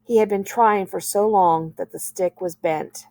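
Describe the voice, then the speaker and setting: A woman school librarian reading a novel aloud with steady, gentle storytelling. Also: mid-range voice, unhurried, dry recording.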